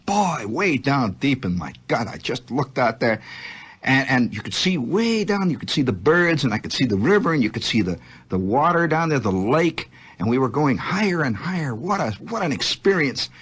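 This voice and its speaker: A man hosting a radio show, telling a childhood story in a rambling, animated monologue and often searching for words. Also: mid-range voice, moderate pace, husky. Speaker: radio host.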